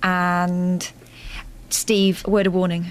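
A woman's voice: fairly low pitch, little pitch movement, slow, clear, resonant tone. A woman co-hosting a radio show, chatting and reading listener messages in a chatty, mock-indignant way. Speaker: radio co-host.

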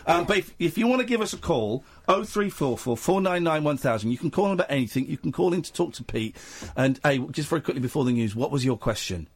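A man's voice: a little high, fast talker, few pauses, slightly rough. A man hosting a late-night talk radio show, chatting with guests in a playful, teasing way and telling stories with lots of energy. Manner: playful, teasing, animated storytelling. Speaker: radio host.

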